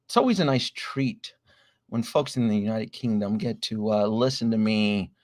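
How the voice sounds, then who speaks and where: A man's voice: lowish voice, lively intonation, normal speed, a little mellow, dry recording, studio quality. A middle-aged man hosting a casual late-night livestream, recovering from a chest cold and a little short of breath, greeting viewers one by one with plenty of "uh"s. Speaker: livestream host. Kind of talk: casual live-stream chat reading viewer names.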